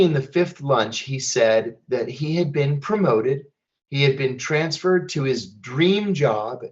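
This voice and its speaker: A middle-aged American man tells a long personal story in a measured, plainspoken way. His voice sits at an ordinary middle pitch. The stream audio is slightly dull and lo-fi. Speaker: guest speaker. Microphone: online event stream.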